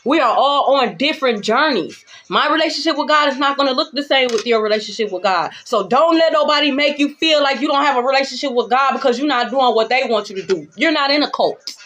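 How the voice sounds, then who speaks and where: A woman giving a spiritual tarot reading to her viewers, blunt and profane, swinging between calm reassurance and heated calling-out. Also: sits high, fast talker, few pauses. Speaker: tarot reader. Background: background music.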